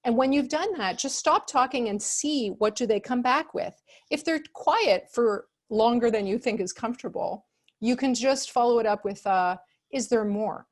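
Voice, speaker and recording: Woman, workshop expert; calm, chatty delivery, slightly high, acts out sample phrases. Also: normal speed. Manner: calm, conversational, many fillers; acts out example phrases in changed tones. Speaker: expert speaker on customer service. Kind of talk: online workshop presentation.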